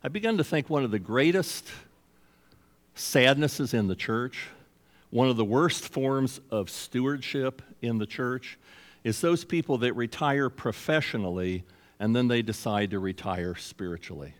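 A man's voice: mid-range voice, animated, unhurried, long reverb tail. A man in his sixties, a pastor, giving a conversational sermon that is broken up by acted-out dialogues. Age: 60s.

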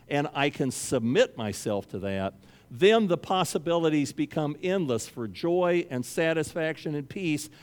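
Earnest male preacher in reverberant hall. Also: medium pitch. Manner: earnest, acts out voices in stories with lively shifts. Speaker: pastor. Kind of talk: sermon.

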